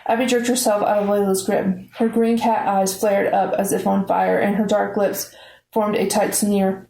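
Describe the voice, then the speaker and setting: Give me a woman reading a novel aloud, steady and measured, in a roomy echo. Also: mid-range voice, vocal fry. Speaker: audiobook reader.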